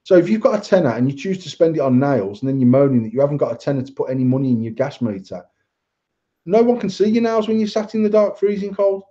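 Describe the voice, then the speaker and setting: A man's voice: fairly high pitch, fast, warm tone. A man co-hosting a podcast, ranting bluntly in casual chat and swearing a lot. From England. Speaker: podcast co-host. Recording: dull lo-fi sound.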